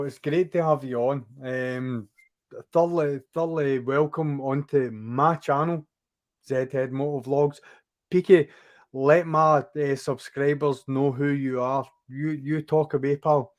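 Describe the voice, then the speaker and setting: A man's voice: mid-range voice, steady tone, unhurried. A man hosting a casual live stream, narrating his setup and welcoming his guest as pal. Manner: friendly, narrates setting up the stream, calls people pal.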